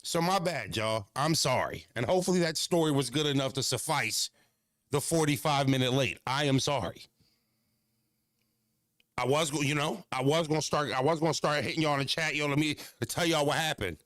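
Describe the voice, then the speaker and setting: Animated, foul-mouthed male stream host. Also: a little fast, dry recording, clean studio sound. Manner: animated, profane, big swings between high excited and low mocking tones. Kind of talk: casual storytelling to a live chat.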